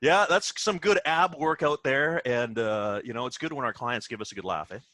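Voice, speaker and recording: A man's voice: mid-range voice, normal speed, bright, forceful tone, no room sound. A man hosts a casual interview, chatting easily and dropping in frequent short replies. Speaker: podcast host.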